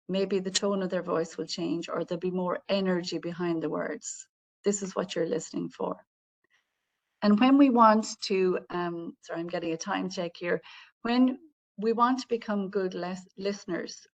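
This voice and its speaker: A woman giving an online training webinar over a video call, explaining things in a friendly way and speaking directly to the participants. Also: fairly low pitch. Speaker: webinar presenter on healthcare communication.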